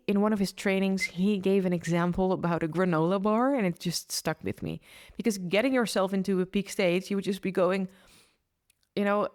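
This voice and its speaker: Woman podcast host, mindset coach, slightly low voice, earnest and upbeat. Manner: earnest, upbeat advice with frequent restarts. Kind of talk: solo podcast monologue.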